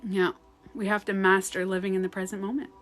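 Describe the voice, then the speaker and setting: A woman life coach talking casually into her phone on a live stream at home, animated and swearing freely as she acts out her own outbursts. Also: medium pitch, fast talker, faint music behind. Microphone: phone on a ring light.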